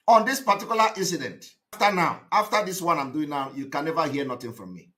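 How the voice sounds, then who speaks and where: A man delivers a live broadcast monologue in a high, bright voice. He talks with emphasis, repeats himself and now and then bursts into shouting. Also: animated, quick pace, few pauses. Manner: emphatic, repetitive, with shouted outbursts. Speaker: activist broadcaster.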